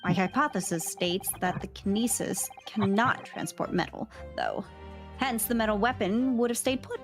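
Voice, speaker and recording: A woman voicing a precise, confident male professor in a casual game dub, explaining in a measured, lecturing way. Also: medium pitch, expressive, faint music behind, close to an everyday voice.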